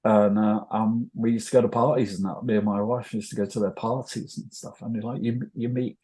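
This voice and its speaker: A man's voice: lowish voice, fairly even intonation, brisk, warm tone. An older man with a North Welsh accent, telling rambling, self-deprecating stories as an interview guest. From North Wales. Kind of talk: casual interview storytelling.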